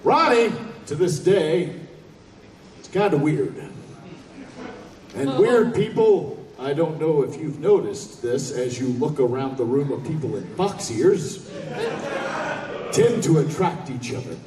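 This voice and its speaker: A man telling a comic story on stage in a convention hall, animated, profane and laughing. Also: on the high side, slow, long pauses. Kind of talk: stand-up storytelling. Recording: echoey hall from far off.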